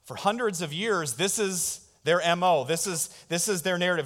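A man's voice: high voice, moderate pace, hardly any pauses, fairly bright tone. A man pastor preaching a sermon in a church, calling on the congregation to answer back. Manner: call-and-response preaching. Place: church sanctuary. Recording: long reverb in a church hall.

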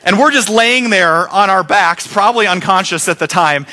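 A man's voice: high-pitched, moderate pace. A middle-aged male pastor preaching a sermon, telling stories with acted-out sounds and quoted replies. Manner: animated storytelling, acts out sounds and quoted replies.

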